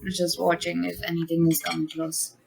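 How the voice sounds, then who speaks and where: A woman's voice: lowish voice, completely flat delivery, moderate pace, vocal fry, darkish tone. A woman playing a tabletop role-playing game, talking casually and playfully. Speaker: player.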